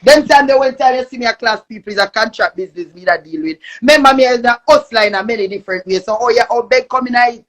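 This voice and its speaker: A young woman with a Jamaican accent ranting angrily on a live stream, cursing and shouting. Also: fairly high pitch, quick pace, few pauses. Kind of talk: angry live-stream rant.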